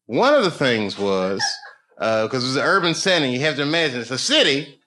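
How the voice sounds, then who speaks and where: A middle-aged man doing stand-up storytelling on stage, loose and conversational, building to loud excited bursts. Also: mid-range voice, a little fast. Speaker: stand-up comedian. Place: comedy stage with live audience. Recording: noisy live show recording. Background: audience laughter.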